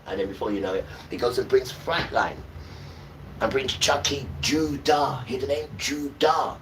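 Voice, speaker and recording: A man's voice: mid-range voice, moderate pace, fairly bright tone, far from the mic, a little hiss or hum, rough recording. A man preaching and ranting to viewers on a livestream, often checking in with "right?".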